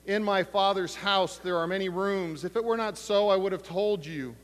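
A male pastor preaching a sermon, emphatic, with slow dramatic pauses and retold conversations. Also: sits high. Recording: long hall reverb.

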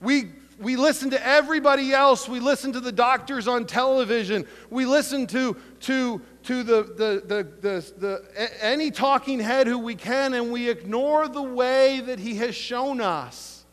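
A male pastor preaching a sermon, emphatic, with slow dramatic pauses and retold conversations. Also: extremely high pitch, a bit bright. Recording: long hall reverb.

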